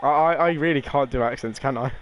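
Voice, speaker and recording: A man's voice: mid-range voice, fast. A young man casually commentating a game playthrough, swearing, laughing and rambling with fillers. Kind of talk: casual let's play commentary.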